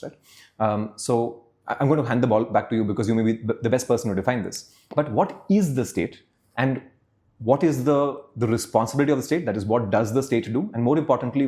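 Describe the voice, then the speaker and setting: A man's voice: mid-range voice, darkish tone. A man hosting a podcast, asking long questions that think aloud, with fillers and side remarks. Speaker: podcast host. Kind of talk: conversational podcast interview.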